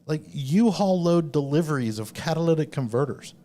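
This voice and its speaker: A man's voice: fairly high pitch, animated, moderate pace, mellow. Profane, casual man hosting a live podcast. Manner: profane storytelling of news items. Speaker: podcast host. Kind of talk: casual chat. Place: store, live broadcast.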